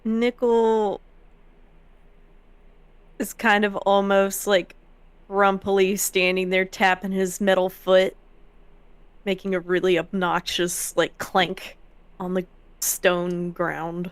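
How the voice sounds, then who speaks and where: A woman player describing her character's actions in a relaxed way, filled with "like". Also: mid-range voice, slow, pauses often, clean tone, dry recording. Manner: relaxed, uses "like".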